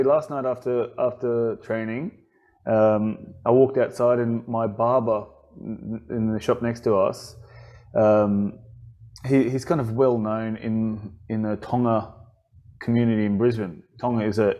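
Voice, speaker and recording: An Australian man hosting a podcast in casual chat, telling stories in a rambling, animated way full of restarts. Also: on the low side, a little slow, muffled recording. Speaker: podcast host.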